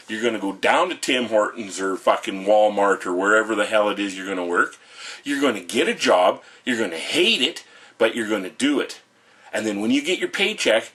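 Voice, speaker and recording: A man's voice: mid-range voice, a bit bright, husky. A middle-aged man, delivering an angry, profane rant to camera in a blunt, lecturing way.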